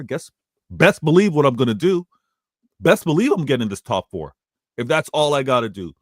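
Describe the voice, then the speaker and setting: A man's voice: mid-range voice, darkish tone, no room sound, clean studio sound. A man hosting a football fan talk show, boastful and trash-talking in casual chat.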